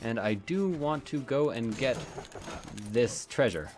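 A man's voice: mid-range voice, expressive, slow, darkish tone, a little hiss or hum. A man giving casual, rambling commentary while playing a video game, swearing often and drifting into asides. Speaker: let's play gamer.

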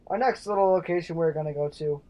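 A man's voice: fairly high pitch, fast, warm tone, low-quality recording. A young man hosting a gaming video, giving playful, goofy commentary that drifts into sing-song. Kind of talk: casual game commentary.

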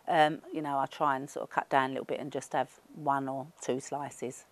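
A woman's voice: extremely low pitch, level tone, moderate pace. A middle-aged woman with a Cockney accent, chatting casually and rambling with lots of fillers as an interviewee. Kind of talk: casual chat.

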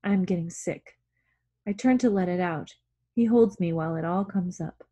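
A woman reading a novel aloud in a hushed, measured way. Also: fairly low pitch. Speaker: audiobook reader.

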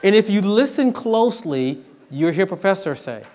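A middle-aged male professor lecturing to students in a fairly high voice. He tells stories with energy and humor, slipping into quick mimicry of the people he describes. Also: a little hiss or hum. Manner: animated storyteller, acts out quotes. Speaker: professor giving a guest lecture. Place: university lecture.

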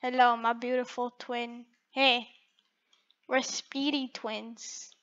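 A woman's voice: fairly high pitch, flat delivery, slow, fairly bright tone, dull audio. A woman giving playful, teasing gameplay commentary with frequent giggles. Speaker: gaming video creator.

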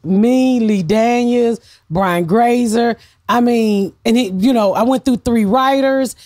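A woman talks in a loud, excitable rush, cussing freely as she chats on a podcast. Her voice sits a little high, and the close mic gives a dry, dead sound. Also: takes it slowly, no room sound. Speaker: comedian guest. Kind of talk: casual podcast chat.

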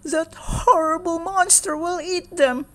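A woman voicing a distressed grown man, a farmer, in a high, pleading, tearful voice. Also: very animated, slow, exaggerated voice. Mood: grieving.

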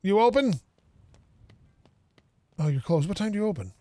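Guy streaming a game, kinda high voice, rambling to himself and kidding around, dry close sound. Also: big pitch swings, very fast, dark tone, no echo. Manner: chatty, thinks aloud, jokes with game characters. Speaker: gaming streamer. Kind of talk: casual gameplay commentary.

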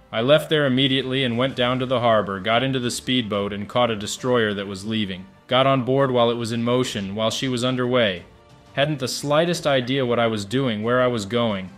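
A man's voice: mid-range voice, a bit bright. Middle-aged man recalling wartime, matter-of-fact. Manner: plain, matter-of-fact, rambling with restarts. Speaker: wartime filmmaker giving a firsthand account. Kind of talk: archival spoken recollection.

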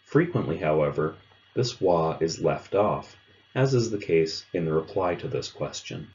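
A man narrating a pronunciation lesson, explaining sounds in a clear, measured way. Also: low voice, lively intonation, a little mellow, dull audio. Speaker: language teacher. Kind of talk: instructional narration.

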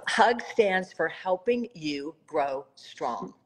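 A woman's voice: low-pitched, expressive, slow pace, husky, rough recording. A middle-aged woman from South Carolina, a nonprofit founder, telling her story in a heartfelt way on a live video call. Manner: warm, heartfelt storytelling with emphatic swells. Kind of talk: Instagram live conversation.

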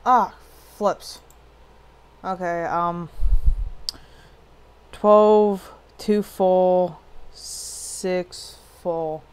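A woman's voice: lowish voice, fairly even intonation, very slow, long pauses, clear, resonant tone. A woman casually commenting as she plays a puzzle game, talking back at the screen with jokey frustration. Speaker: gameplay streamer. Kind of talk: casual let's play commentary.

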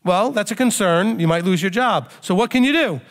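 Male rabbi with a high voice, giving a conversational sermon to a congregation, reverberant hall. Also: expressive, a little fast. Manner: conversational teaching, sometimes acts out panicked outbursts.

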